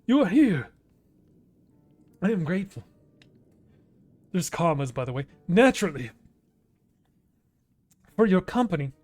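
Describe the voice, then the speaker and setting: A man reading a gentle, wistful female mermaid aloud in his own plain voice, with no character voice. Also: high-pitched, very animated, measured pace, long pauses, soft background music, heavily acted.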